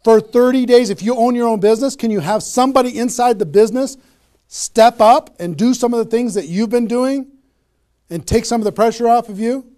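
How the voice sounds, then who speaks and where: A network marketing trainer with a very high-pitched, dark-toned voice speaks briskly in a motivational sales talk. He's emphatic, repeats key phrases, and keeps checking in with "okay?"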